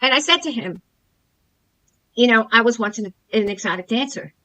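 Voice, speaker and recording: Bright, fairly high-voiced middle-aged woman. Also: animated, normal speed, low-quality recording. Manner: earnest, repeats herself, emphatic on grievances. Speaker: former coaching client telling her experience. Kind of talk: personal testimonial to camera.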